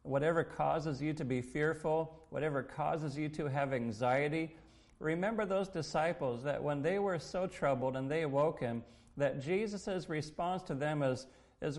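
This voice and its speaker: A man preaching a sermon in an earnest, measured way, quoting scripture. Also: on the high side, darkish tone. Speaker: pastor.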